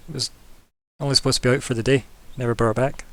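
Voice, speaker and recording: A man's voice: mid-range voice, fairly even intonation, racing, close to an everyday voice. A man voicing a world-weary old ex-street clerk. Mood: wry. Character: weathered older male ex-street worker clerk.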